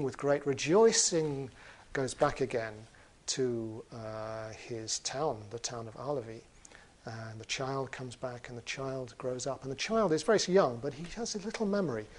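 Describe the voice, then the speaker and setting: A man who is a Buddhist teacher, telling a story in a dharma talk in a relaxed way with many pauses and fillers. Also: medium pitch.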